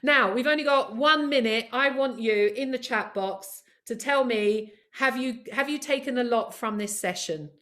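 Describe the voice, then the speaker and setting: Woman workshop presenter on a video call, upbeat, encouraging, fairly high voice, talks directly to attendees. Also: normal speed, few pauses, a bit bright. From of Caribbean heritage. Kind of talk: live online training session.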